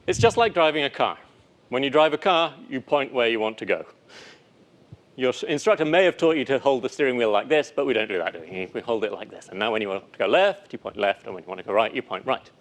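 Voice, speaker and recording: A man gives a talk to an audience, explaining a demo step by step. His delivery is playful and lively, with animated asides and mock voices for imagined objections. His pitch sits in a typical middle range for a man. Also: quick pace. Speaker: lecturer. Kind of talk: live technical talk with demo.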